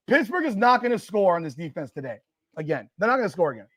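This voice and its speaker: High pitched guy yelling at a football game live, swears a lot, gets worked up fast. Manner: excitable, profane, argues with chat and the broadcast. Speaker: podcast host reacting live to a football game. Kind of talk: live watch-party commentary.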